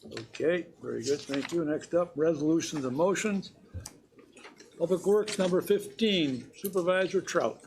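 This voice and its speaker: Brisk man chairing a board meeting. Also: on the high side, creaky, a little mellow, slight background noise. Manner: brisk procedural calls for votes. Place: county meeting room.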